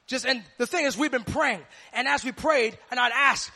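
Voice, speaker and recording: High, gravelly-voiced fervent preacher man. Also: normal speed, pushed and bright. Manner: fervent, repetitive preaching cadence. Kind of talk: sermon.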